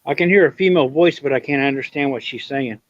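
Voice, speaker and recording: An older man joining a live stream by call, joking and asking others to speak slowly. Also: mid-range voice, no room sound. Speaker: stream guest. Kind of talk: casual live stream chat. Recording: dry muffled call audio.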